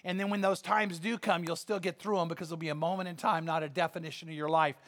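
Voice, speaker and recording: A man's voice: on the high side, steady tone, quick pace, a bit bright. A male pastor preaching a sermon in an earnest, conversational manner with emphatic repetition.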